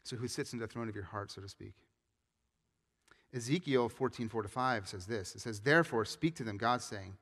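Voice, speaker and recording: A man preaching a sermon as a pastor, moving between loud emphatic scripture reading and quiet earnest appeals. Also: fairly low pitch, moderate pace. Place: church sanctuary. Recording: long reverb of a church hall.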